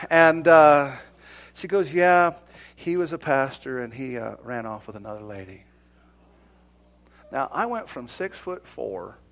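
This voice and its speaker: The speaker is a middle-aged male pastor whose sermon is conversational, dropping almost to a whisper and then rising to loud exclamations. His voice is mid-range and creaky.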